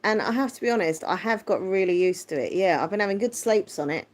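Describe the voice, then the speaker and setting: A woman hosting a casual livestream, chatting and answering viewer comments. Her voice is squeaky yet deep, and her manner is chatty and quick to laugh. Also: darkish tone. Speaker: livestream host. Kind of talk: casual live chat, reading viewer comments.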